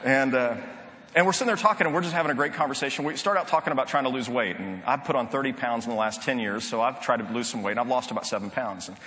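A man's voice: medium pitch, fast talker, bright, forceful tone. A middle-aged man preaching a sermon, telling a story in an earnest, conversational way with frequent restarts. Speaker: pastor. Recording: long reverb of a large hall.

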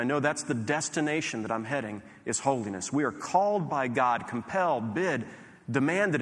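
Earnest pastor preaching a sermon. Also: male voice, medium pitch, a bit bright. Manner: earnest, conversational, with restarts. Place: large church sanctuary. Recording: long hall reverb.

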